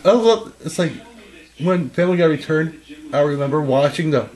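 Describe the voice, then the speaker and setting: A young man chatting casually as a co-host, excitable, laughing often and breaking into high silly voices. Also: normal speed, low-quality recording. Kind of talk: casual chat.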